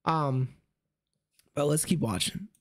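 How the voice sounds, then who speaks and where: A man's voice: a little high, takes it slowly. Man, live-stream chat, slangy, repetitive, losing his voice. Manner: slangy, repeats "you see what I'm saying". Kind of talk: casual live-stream commentary.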